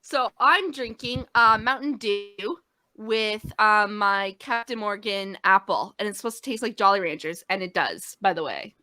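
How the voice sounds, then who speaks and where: A woman's voice: mid-range voice, animated, normal speed, pushed and bright, dry recording. A woman co-hosting a casual podcast chat, chatty and teasing. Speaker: podcast co-host. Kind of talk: casual chat over drinks.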